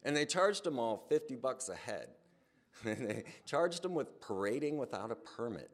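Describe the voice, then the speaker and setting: A man speaking in a casual, animated monologue, his voice climbing higher and louder when he gets worked up. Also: a little slow. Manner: animated storytelling, voice rising when excited. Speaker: speaker on a hypnosis channel.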